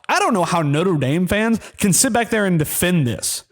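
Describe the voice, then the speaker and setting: Here a college football podcast host goes solo, mocking and ranting with heat at a normal speed, his lively intonation spiking in pitch as he gets worked up and leaving hardly any pauses. The rant gives way to a rambling, um-heavy sign-off.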